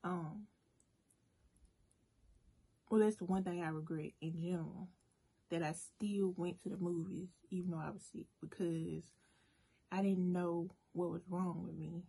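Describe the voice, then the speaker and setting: Husky-voiced woman telling a story. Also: fairly low pitch, a little slow, pauses often. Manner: chatty, animated storytelling, addresses viewers as y'all. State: emotional at moments, briefly choked up. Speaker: food vlogger. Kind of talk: casual storytime while eating.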